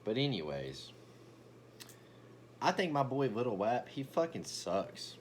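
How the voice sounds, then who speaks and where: A man's voice: mid-range voice, big pitch swings, slow pace, slight background noise. A young man ranting in a brash, profane, boastful comedic commentary, stumbling over restarts as he talks.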